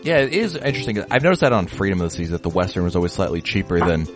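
A man hosting a casual podcast, chatty and lively, with frequent restarts. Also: low-pitched, rapid-fire, music in the background. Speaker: podcast host.

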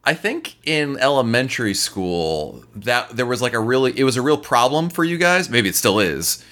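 A man hosts a podcast in relaxed, jokey conversation. His voice is bright and crisp, and his pitch swings widely as he talks. He sounds playful and quick to tease. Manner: playful, jokey, lively delivery. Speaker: podcast host. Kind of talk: casual podcast chat.

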